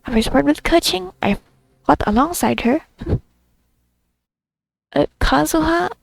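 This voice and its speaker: A woman's voice: high-pitched, expressive, measured pace, gravelly. A young woman chatting casually to herself while playing a video game, giggly and talkative. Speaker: gamer playing a story quest. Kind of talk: casual gameplay commentary.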